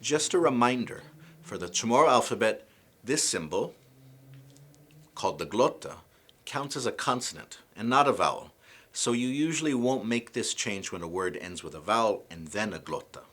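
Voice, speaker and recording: A man giving a scripted language lesson, pronouncing example words slowly and carefully. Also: on the low side, expressive, fairly bright tone. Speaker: language teacher.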